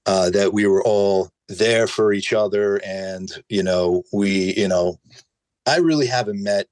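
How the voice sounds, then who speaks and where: New Jersey guy, lowish voice, dry close sound, loose and filler-heavy, casual podcast guest. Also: unhurried, dry recording, low-quality recording. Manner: animated storyteller, curses freely, filler-heavy. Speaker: guest hot sauce maker.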